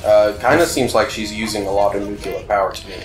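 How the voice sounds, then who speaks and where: Low-voiced young man in an echoey room. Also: steady tone, fast. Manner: quizzical, asks lots of questions. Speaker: let's play commentator. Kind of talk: casual gaming commentary. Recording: echoey room with faint game music. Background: faint game music.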